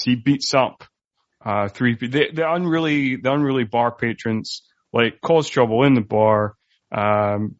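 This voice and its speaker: A man's voice: mid-range voice, no room sound. A man co-hosting a casual movie podcast, rambling with many fillers and restarts. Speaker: podcast co-host. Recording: dull dry home recording.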